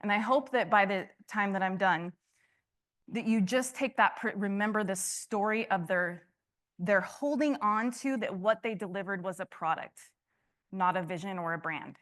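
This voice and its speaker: A woman's voice: mid-range voice, moderate pace, fairly bright tone. A woman giving a conference talk to a room, passionate, often restarting and asking the audience questions. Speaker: conference speaker.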